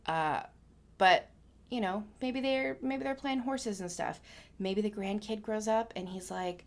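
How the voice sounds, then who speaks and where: A woman's voice: mid-range voice, normal speed. A woman casually making up a story as she talks, rambling and musing with lots of hedges. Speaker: painting vlogger.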